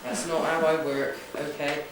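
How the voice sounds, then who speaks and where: Low-pitched and flat at normal speed, a West Country psychic leads a ghost hunt, joking and chatting as she briefs a group and asks "okay?". She's recorded far off by a camera in a big echoey room in an old building, and the clip is very noisy.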